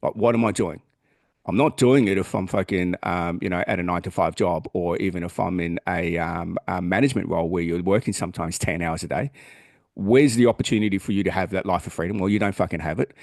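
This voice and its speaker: Speaking fast with vocal fry, this Australian podcast co-host has a low-pitched, slightly mellow voice. He chats casually in a blunt, earnest manner, swearing without restraint, and the sound is clean studio audio with no echo.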